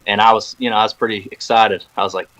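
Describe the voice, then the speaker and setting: A man's voice: lowish voice, quick pace, dull audio. Laid-back man telling a long fishing story. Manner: animated storyteller, acts out quoted phone talk. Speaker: podcast guest. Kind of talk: casual storytelling chat. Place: podcast recording room.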